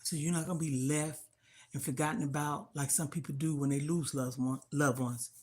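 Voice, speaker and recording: Low-pitched older lady on a live stream, grieving, talking through a hard family story, gets fired up. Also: steady tone, moderate pace, darkish tone, husky. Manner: heartfelt, grieving, rising to indignant outbursts. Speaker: livestream host. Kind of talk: emotional personal storytelling on a livestream.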